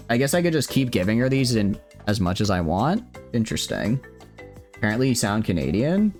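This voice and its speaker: A man streaming a game who rambles, thinks aloud and answers chat as he plays. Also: mid-range voice. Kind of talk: casual live-stream commentary.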